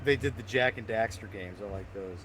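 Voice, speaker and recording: A man's voice: on the low side, brisk, fairly bright tone, a little hiss or hum. A man co-hosting a podcast, telling stories animatedly with laughter and swearing. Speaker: podcast co-host. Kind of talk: casual chat.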